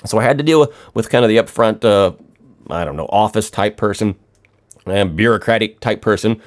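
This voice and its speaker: A man's voice: fairly low pitch, a little fast. Crude, rambling man ranting. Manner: crude, sarcastic, rambling with restarts. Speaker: podcast ranter. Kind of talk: profane comedic rant.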